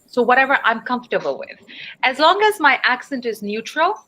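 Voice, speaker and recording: A woman from Dubai leads an online English conversation class with a bright, clear voice. She talks patiently and encouragingly, spelling out words and putting questions to her students. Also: fairly high pitch, sing-song, a little fast, poor audio. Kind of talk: online group speaking lesson.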